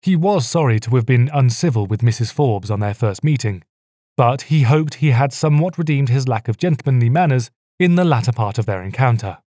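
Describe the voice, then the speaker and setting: A man's voice: mid-range voice, lively intonation, fairly quick, warm tone, no echo. Man narrating audiobook excerpts, dry close sound.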